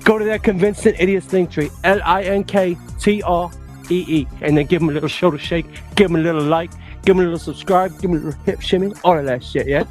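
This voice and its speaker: A swaggering male rock frontman with a put-on British accent, as a man plays him for laughs. He drawls, boasts and calls everyone mate in a high voice. Faint music sits behind him. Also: fast talker, a little mellow, natural voice. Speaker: podcast co-host.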